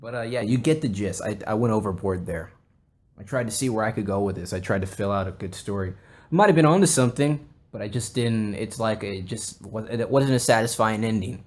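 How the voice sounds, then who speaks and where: A man's voice: lowish voice, brisk, a little mellow. A man hosting a podcast, chatting casually in a rambling, jokey way with a lot of swearing. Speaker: podcast host.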